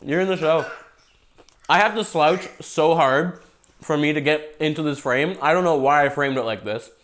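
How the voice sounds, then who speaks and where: A man's voice: a little high, moderate pace, fairly bright tone. A young Canadian man hosting a casual podcast livestream, rambling and joking while he eats. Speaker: podcast host.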